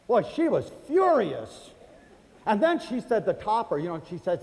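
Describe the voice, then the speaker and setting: An older man from the United States telling personal stories to an audience, chatty and animated, acting out the voices of the people in them. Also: high voice, normal speed, vocal fry. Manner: animated, acts out quoted voices, chatty fillers. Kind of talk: storytelling lecture to an audience. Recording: hall reverb.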